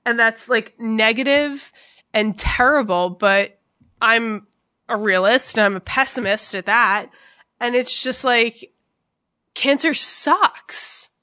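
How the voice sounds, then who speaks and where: A young woman co-hosts a podcast and tells her story in candid, conversational bursts. She is raw and blunt and swears freely. Her voice is bright and sits a little high. The studio sound is close and dry. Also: slow pace, no echo. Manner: emotional, blunt and profane. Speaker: podcast co-host.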